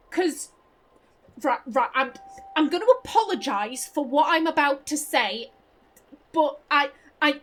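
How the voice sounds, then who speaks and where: A woman hosting a let's play, chatting excitably and rambling as she plays. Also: sits high, slight background noise, low-quality recording. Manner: excitable, rambling, self-interrupting. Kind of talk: casual gaming commentary and reading aloud.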